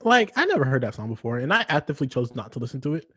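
A podcast co-host recapping a TV episode in casual chat, playful and quick to laugh. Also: husky, no room sound. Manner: playful and giggly, quick laughs, expressive swoops in pitch.

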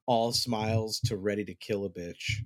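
Playful podcast host riffing. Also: male voice, on the low side, steady tone, normal speed. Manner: reactive, playful, thinks aloud. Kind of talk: casual chat.

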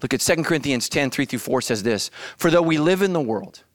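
Pastor guy preaching, tells funny stories, yells and does voices, swoops all over. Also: mid-range voice, animated, brisk, dry recording. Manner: storytelling with shouts and acted voices. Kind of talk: animated comic sermon.

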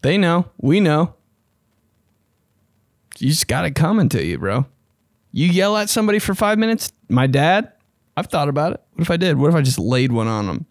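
A young man hosting a casual podcast monologue, excitable and slangy, swearing freely and often jumping into high mocking voices. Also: normal speed, pauses often, dry recording, studio quality. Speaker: podcast host.

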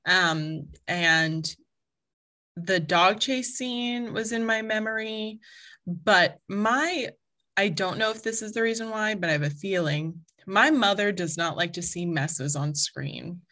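A woman's voice: mid-range voice, slow, pushed and bright. A woman co-hosting a podcast, chatting casually and rambling, with lots of fillers and frequent laughter. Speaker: podcast co-host. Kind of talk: casual chat.

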